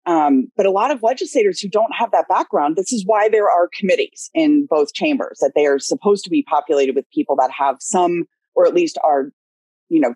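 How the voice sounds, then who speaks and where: Woman, husky voice, dry close sound, candid and rambling, webinar discussion. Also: low voice, warm tone, no room sound. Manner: candid, talks in long winding sentences. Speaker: legislative director and lobbyist.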